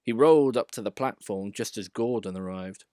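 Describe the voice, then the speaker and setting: A man reading a children's story aloud in an expressive, lively storytelling way. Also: fairly low pitch, moderate pace, dry recording, studio quality. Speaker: narrator.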